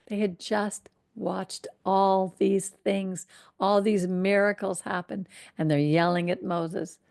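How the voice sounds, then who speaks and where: Slow, gravelly-voiced woman reading scripture. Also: medium pitch. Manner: reflective, breaks off the reading for conversational asides. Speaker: Torah teacher.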